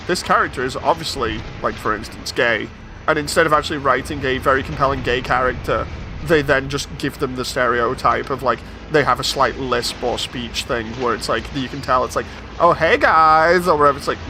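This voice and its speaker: A man streaming a game chats casually in a medium-pitched, sharp-toned voice, rambling through his opinions with many restarts.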